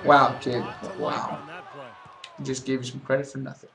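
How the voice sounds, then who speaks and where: A man's voice: medium pitch, level tone, a little slow, creaky, crowd noise, poor audio. A young man casually rambling about basketball while commenting on his own gameplay, often mimicking players and coaches.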